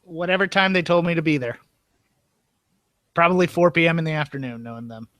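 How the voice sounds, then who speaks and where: A man's voice: a little high, a little fast, fairly bright tone, no room sound. A man co-hosting a wrestling podcast with a wry, dry sense of humor in casual chat. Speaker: podcast co-host.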